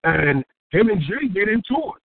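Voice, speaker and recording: A man from Houston, a rapper, telling a story in a casual interview, profane and animated, acting out what people said. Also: high voice, moderate pace, gravelly, no echo. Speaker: rapper and guest. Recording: tinny phone-like dry sound.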